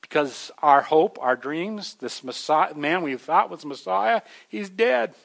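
A man preaching a sermon in a conversational way, restarting phrases, rising to emphatic peaks and then dropping low. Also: lively intonation, slow, creaky, fairly bright tone. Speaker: pastor.

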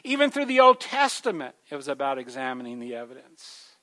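A man's voice: mid-range voice, sing-song, fairly quick, pushed and bright. A man preaching a sermon in a conversational way, calling his listeners folks and growing more emphatic as he urges them. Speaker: pastor.

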